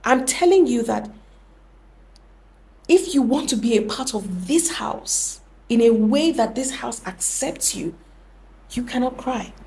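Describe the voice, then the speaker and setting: A woman's voice: on the high side, animated, measured pace, vocal fry, a little mellow. A young woman hosting a podcast, explaining things earnestly and often correcting herself mid-sentence. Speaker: podcast host. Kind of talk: reflective podcast talk.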